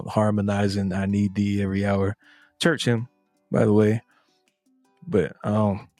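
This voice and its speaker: A man's voice: fairly low pitch, mellow, no echo, clean studio sound. A man co-hosting a podcast, chatting in an easygoing, rambling way. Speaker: podcast co-host. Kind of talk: casual chat.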